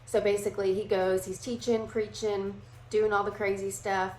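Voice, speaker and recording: A woman leading a casual Bible study, talking in a chatty, animated way and briefly acting out playful voices. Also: medium pitch, normal speed, roomy sound, a little hiss or hum, rough recording.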